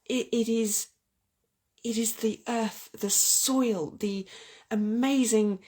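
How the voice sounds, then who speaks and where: Slow and fairly even in intonation, this woman's high-pitched, darkish voice carries a heartfelt spiritual talk about love and oracle cards. As the host, she often restarts her sentences and is growing weepy.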